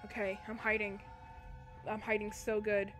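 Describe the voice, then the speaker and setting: A woman's voice: medium pitch, completely flat delivery, normal speed, faint music behind. A woman streamer chatting to her viewers as she plays a game, jumpy and talkative. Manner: jumpy, chatty, talks to her chat while playing. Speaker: Twitch streamer. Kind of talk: live gameplay commentary.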